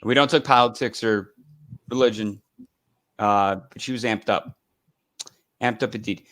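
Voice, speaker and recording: A man's voice: lowish voice, a little slow, a bit bright, no echo, rough recording. A man hosting a casual live stream, chatting in a rambling way with lots of fillers and restarts. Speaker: host.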